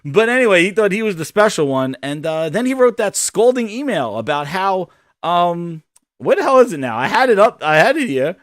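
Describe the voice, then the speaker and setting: A man hosting a gaming podcast, telling a rambling, animated story in casual commentary. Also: high voice, moderate pace, no echo, clean studio sound. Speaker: podcast host.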